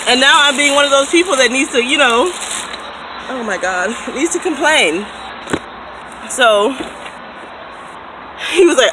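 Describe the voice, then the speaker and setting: Thirties woman, casual animated vlogger, phone at arm's length outdoors, loud ambient noise. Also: high voice, measured pace, pauses often. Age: 30s. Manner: chatty, animated, laughs often. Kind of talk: casual vlog chat. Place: outdoors in a city, by a fountain, then in a car. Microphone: phone held at arm's length. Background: street ambience, fountain, traffic.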